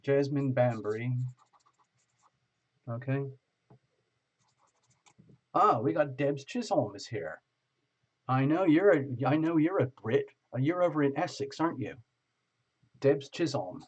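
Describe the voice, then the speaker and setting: A chatty man hosts a live stream, reading out comments and bantering with his viewers. His voice is husky and sits at an ordinary pitch. The audio is a little muffled. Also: lively intonation, takes it slowly, long pauses. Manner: chatty and joking, greets viewers by name. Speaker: tarot reader hosting a live stream.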